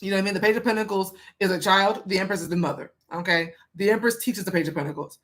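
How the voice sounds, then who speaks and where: A woman's voice: mid-range voice, fairly even intonation, fast. A woman reading tarot cards for a viewer in a casual, chatty way, asking the cards questions aloud and speaking with emphasis. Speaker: tarot reader.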